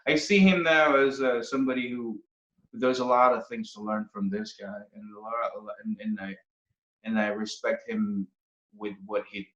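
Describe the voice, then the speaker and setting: A man from the Philippines, a guest musician, talking casually in an interview, often pausing and restarting his sentences. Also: on the low side, fairly even intonation, a bit bright. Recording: roomy, dull podcast audio.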